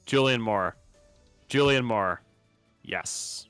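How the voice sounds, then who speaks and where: His voice is a little high and unhurried, recorded with no echo over faint background music. As a co-host on a live stream, the man chats casually, rambling animatedly, laughing often and restarting words.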